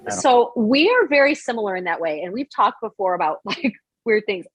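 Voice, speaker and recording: A woman hosting a casual conversation, telling stories in an animated way and laughing often. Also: medium pitch, normal speed, slightly rough. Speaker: host.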